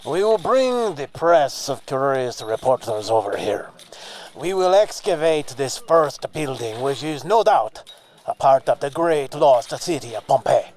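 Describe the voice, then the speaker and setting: A man's voice: medium pitch, sing-song, a little slow, darkish tone. A man playing a pompous, condescending 18th-century Spanish military engineer with a put-on Spanish accent, speaking grandly and dropping in Spanish words. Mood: grandiose. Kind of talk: comedy sketch acting.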